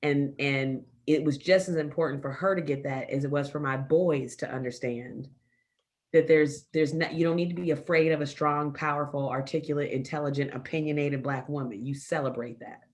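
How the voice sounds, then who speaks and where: A woman's voice: low-pitched, steady tone, normal speed. Emphatic, impassioned woman panelist. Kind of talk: forum panel talk.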